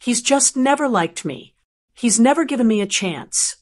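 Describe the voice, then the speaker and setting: Brief: a woman playing a manipulative young woman, soft and fragile, a touch higher than the narrator. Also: lively intonation, moderate pace. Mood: wounded. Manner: soft, fragile, wounded-sounding.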